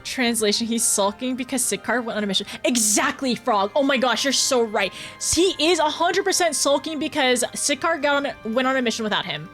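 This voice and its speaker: A young woman streams a game and chats with her viewers, bubbly and quick to giggle. Her voice sits on the high side, and faint music plays underneath. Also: animated, a bit bright. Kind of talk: casual live-stream gameplay chat.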